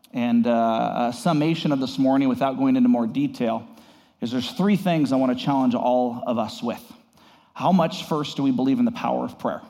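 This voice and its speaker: A man pastoring a congregation, giving an earnest devotional message, halting with fillers and rising higher on key words. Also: dark tone, in a large hall.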